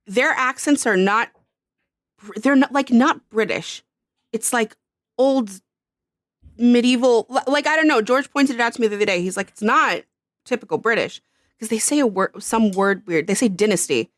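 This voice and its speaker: A woman with a New York–New Jersey accent, co-hosting a podcast in animated, rambling casual chat. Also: a little high, moderate pace, no echo, studio quality. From United States. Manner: animated, rambling, self-mocking. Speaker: podcast co-host.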